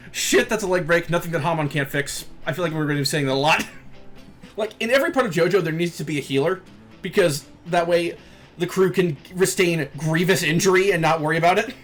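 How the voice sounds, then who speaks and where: A man with a high voice hosts a casual chat podcast, recapping with jokes and easy profanity. He laughs often between points. Faint music plays in the background. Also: fairly quick, a bit bright. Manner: jokey, swears freely, laughs often. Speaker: podcast host.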